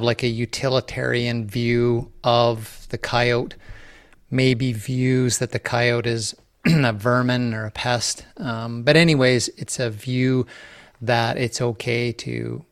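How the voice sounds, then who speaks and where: A man hosting a casual solo podcast, talking in a relaxed way with many fillers and restarts. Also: medium pitch, no echo, clean studio sound. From Canada. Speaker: podcast host.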